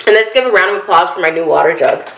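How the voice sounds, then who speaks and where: A young woman hosting a mukbang eating show, chatting casually in a bubbly, giggly and loud way. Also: lowish voice, racing, creaky, background noise. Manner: bubbly, giggly, talks loudly. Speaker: mukbang host. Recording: echoey room.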